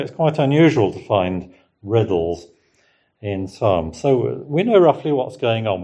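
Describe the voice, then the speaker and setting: A man with a fairly low voice gives a relaxed Bible teaching. He muses aloud and keeps checking in with his listeners through rhetorical questions. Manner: conversational, musing, asks the listeners rhetorical questions. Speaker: preacher.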